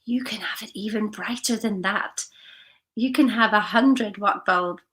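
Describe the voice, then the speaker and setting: A woman putting on the voice of an excitable male light bulb salesman in a spoken story. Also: mid-range voice, measured pace, close to an everyday voice. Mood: coaxing.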